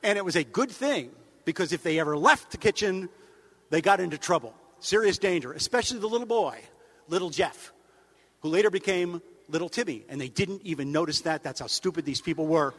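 Male humorist, high voice, deadpan and wry, speaking in a long-reverb hall. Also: a little fast. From United States. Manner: deadpan, wry, rambling asides with mock-outraged jumps in pitch. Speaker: humorist giving a speech. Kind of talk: stand-up style speech to an audience.

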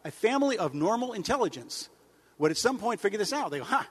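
A man giving a comic speech to a crowd of farmers, deadpan and rambling, with sudden mock-outraged jumps in pitch. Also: quick pace, breathy edge. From United States. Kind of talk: stand-up style speech to an audience. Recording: long hall reverb.

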